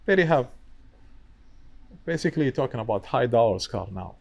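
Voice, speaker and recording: A man who owns a wiring business is chatting casually as a podcast guest, speaking broken English that isn't his first language. He's talkative and keeps dropping in "you know." His medium-pitched voice is creaky and darkish with lively intonation at a moderate pace, and the sound is lo-fi.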